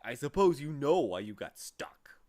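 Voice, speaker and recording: A man voicing a gruff, impatient watchdog with an alarm-clock body who talks in a loud, scolding way. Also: medium pitch, big pitch swings, a little slow, voice pushed up. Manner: loud, scolding, barking delivery.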